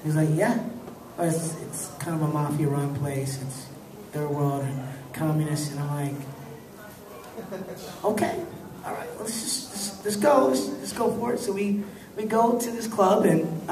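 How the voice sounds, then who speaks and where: Man in his thirties, easygoing storyteller with a slightly high voice, heard from a distance in an echoey hall over crowd noise. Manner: laid-back, laughing often, animated when acting out quotes. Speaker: actor telling stories at a fan convention panel. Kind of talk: casual storytelling. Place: convention hall with an audience.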